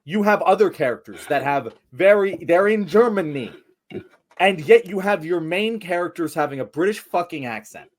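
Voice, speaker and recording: Dude ranting about a movie, lively voice that jumps around a lot, swears. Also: male voice, high-pitched, normal speed. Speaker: podcast co-host. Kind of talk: casual chat.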